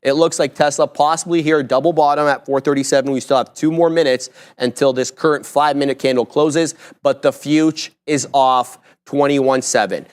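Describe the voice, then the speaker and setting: A man with a smooth, clear voice runs a live market stream, calling out prices and chart levels as they move. His talk is brisk and self-mocking, joking about breaking his own trading rules. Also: mid-range voice, steady tone. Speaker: live trading show host.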